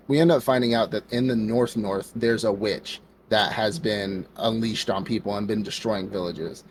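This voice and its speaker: A man with a fairly low voice co-hosts a casual podcast, retelling an anime episode in a loose, rambling way. He slips into quick voices for the characters and fills his talk with "like". A faint hiss sits under the recording. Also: steady tone. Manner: rambling storyteller, acts out characters' lines, lots of "like". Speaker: podcast co-host. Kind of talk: casual anime recap chat.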